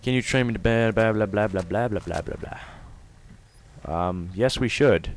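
A man with a fairly low voice talks through his gameplay as he plays. He bursts into loud taunts at enemies and slips back into quiet, muttered play-by-play. Faint background noise runs under the recording. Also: normal speed, vocal fry. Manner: excitable, yelling taunts, then muttering. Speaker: gamer. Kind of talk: let's play commentary.

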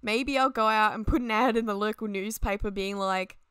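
A woman's voice: medium pitch, normal speed, fairly bright tone, clean tone, dry recording. A young woman chatting and rambling casually at her desk at home as she talks over a game speed build, laughing often. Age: young adult. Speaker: Sims 4 builder and YouTuber.

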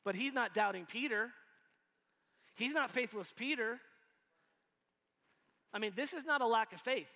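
A man with a high, bright, ringing voice preaches a sermon in a casual, playful way. He jumps into quick acted-out bits of dialogue to make his points, and his voice carries a long church reverb. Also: vocal fry. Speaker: pastor. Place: church sanctuary.

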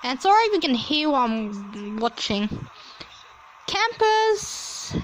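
A young woman chatting casually as she reads out results from a simulation game, with frequent excited exclamations. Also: a little high, moderate pace, a little hiss or hum. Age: young adult. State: coughing at times. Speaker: player reading a simulator. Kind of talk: casual play-along commentary.

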